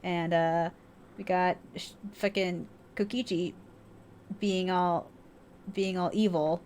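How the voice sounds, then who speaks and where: A woman's voice: lowish voice, steady tone, slow, a little mellow, a little hiss or hum. A young woman casually commenting on a game as she plays, chatty, laughing often and swearing freely. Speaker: let's-play streamer.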